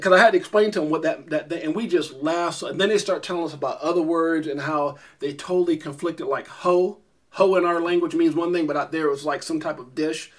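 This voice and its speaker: A middle-aged man hosts his own vlog and tells a story straight to camera. His voice sits a little high, and he rambles, doubles back and fills gaps with ums as he goes. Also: fairly quick. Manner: rambling, animated, many fillers and restarts. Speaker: vlog host.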